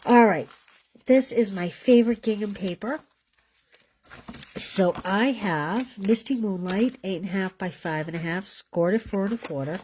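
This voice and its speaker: A woman's voice: medium pitch, measured pace, a little mellow, a little hiss or hum. A woman hosting a live card-making class from home, chatting casually as she colors and assembles cards, often trailing off mid-sentence. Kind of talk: casual live craft demonstration.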